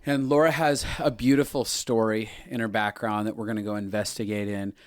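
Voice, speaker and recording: A man's voice: fairly low pitch, flat delivery, a little fast, no echo. A man co-hosting a podcast, chatting casually and bantering teasingly with his partner. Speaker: podcast co-host. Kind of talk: casual chat.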